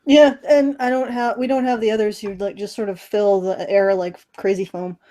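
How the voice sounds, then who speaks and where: A woman co-hosting a casual podcast, talking in a profane, animated, self-deprecating way. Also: mid-range voice, normal speed. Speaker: podcast co-host.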